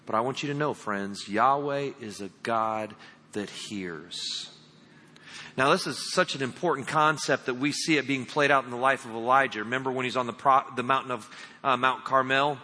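A man's voice: medium pitch, moderate pace, bright, forceful tone, slight background noise. A man preaching a sermon as pastor, talking emphatically and calling his listeners friends. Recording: long reverb of a large hall.

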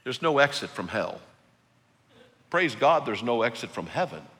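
A man preaching a sermon in a church, swinging between loud emphatic highs and hushed low passages. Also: sing-song, moderate pace, long reverb tail. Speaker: pastor. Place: church sanctuary.

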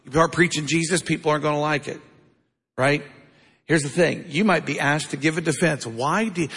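A man's voice: fairly high pitch, expressive, normal speed, vocal fry, pushed and bright, slightly rough, long reverb tail. A man preaching a sermon in a conversational way, asking the congregation to answer back. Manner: conversational preaching, asks the crowd for responses. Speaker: pastor.

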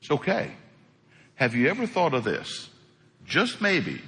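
Animated preacher man in an echoey hall. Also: medium pitch. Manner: animated preaching with acted-out quotes. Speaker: pastor. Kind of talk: sermon.

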